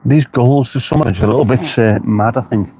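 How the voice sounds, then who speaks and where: A man with a mid-range voice talks fairly quickly to viewers of his live stream from outdoors near the beach. He responds to their comments and swears freely, and faint street noise with passing traffic runs behind his voice.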